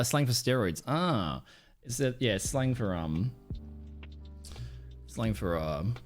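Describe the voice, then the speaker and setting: A male streamer talks off the cuff, wandering between thoughts and swearing freely. His pitch jumps around a lot as he reacts. A faint bit of music sits behind him. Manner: rambling, swears often, laughs a lot. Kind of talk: casual live-stream reaction chat.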